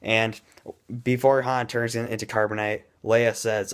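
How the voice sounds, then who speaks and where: A man giving a casual, rambling movie review in an excitable way, admitting he talks too fast. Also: on the low side, clean tone.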